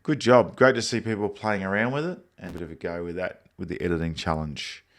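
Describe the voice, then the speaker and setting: A man's voice: low voice, a little fast. An Australian man hosting a live photography show, chatting casually about viewer photos while a bit congested. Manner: relaxed, rambling, with frequent fillers. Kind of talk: live-stream chat reviewing viewer photos.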